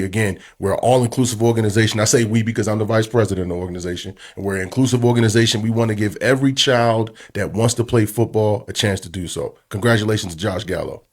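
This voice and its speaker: A man's voice: on the low side, steady tone, fast talker. A man who is vice president of a youth football organization, chatting as a studio guest in an upbeat, promotional way with light jokes. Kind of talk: casual sports show chat.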